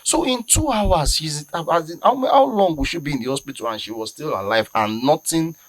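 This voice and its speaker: A man's voice: a little high, animated, a little fast, a bit bright. A man with a Nigerian accent arguing indignantly on a studio talk panel, pressing his points with emphatic outbursts. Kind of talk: heated studio discussion.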